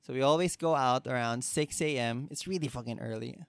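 A man's voice: medium pitch, brisk, clean tone, no echo, clean studio sound. A young man from the Philippines with a Filipino English accent, telling rambling, profane comedic stories and laughing at them. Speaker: podcast host. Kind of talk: casual comedic monologue.

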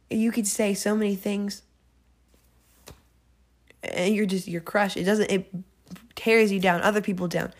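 Earnest chatty young woman on faith. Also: medium pitch. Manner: earnest, chatty, with many fillers and restarts. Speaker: faith podcast host. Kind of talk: casual devotional talk.

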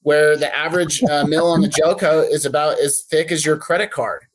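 A man's voice: fairly high pitch, fairly even intonation, normal speed. A man who runs a boat detailing shop, speaking in a casual podcast interview in a friendly, practical way with plenty of fillers.

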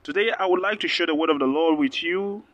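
Bright-voiced Nigerian-born man preaching. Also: a little high, brisk, no echo. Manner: earnest, repeats phrases for emphasis. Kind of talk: sermon. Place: Lome, Togo.

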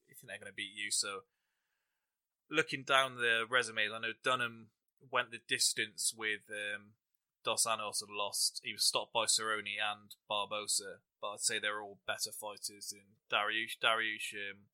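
This young Englishman's voice sits lowish with little pitch movement, moving at a moderate pace; it sounds bright, forceful and clean. As a podcast host, he wanders from one funny story to the next and offers fight picks, chuckling through a relaxed, casual chat.

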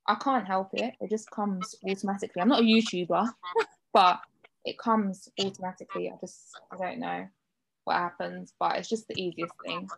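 English woman co-hosting, giggly and chatty, lots of vocal fry. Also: mid-range voice, fairly even intonation, normal speed, poor audio. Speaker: podcast co-host. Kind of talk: casual podcast chat.

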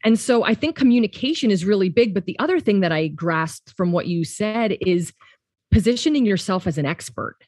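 A woman's voice: mid-range voice, expressive, fairly quick, a little mellow, dry recording. A woman hosting a podcast chat, who talks steadily and lays out her points in lists. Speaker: podcast host.

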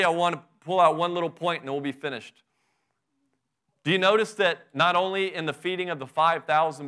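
A middle-aged man preaching a sermon, his voice bright and forceful and a little higher than most men's. He talks to the congregation conversationally, firing off rhetorical questions and pressing his points with fervor. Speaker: pastor.

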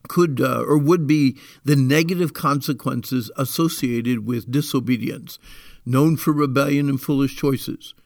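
A man's voice: medium pitch, gravelly, no room sound, studio quality. A man giving a devotional Bible meditation for children and teens, earnest and emphatic, repeating key phrases. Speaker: Bible teacher.

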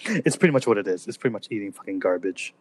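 Easygoing man with a lively pitch. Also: breathy edge. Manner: relaxed, easygoing, laughs often. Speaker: podcast co-host. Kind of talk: casual chat.

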